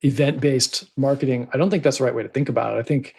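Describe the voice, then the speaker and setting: A man's voice: medium pitch, fairly even intonation, fast, gravelly, a little mellow, slightly rough. A man appearing as a podcast guest who talks about book promotions in a loose, chatty way full of fillers and asides. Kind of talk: casual podcast conversation.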